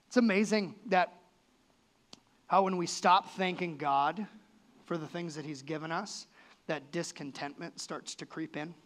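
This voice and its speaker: A pastor preaching a sermon in a church, talking to the congregation in an earnest, conversational way. His voice sits a little high for a man. He lifts it for emphasis and lets it drop low and quiet at the ends of thoughts. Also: a little slow.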